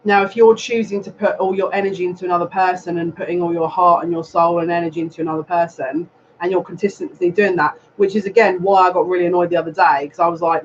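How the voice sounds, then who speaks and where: High-voiced man giving a tarot reading. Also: steady tone, quick pace. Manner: earnest, repetitive, advising directly. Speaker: psychic reader. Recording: dull lo-fi sound with faint noise.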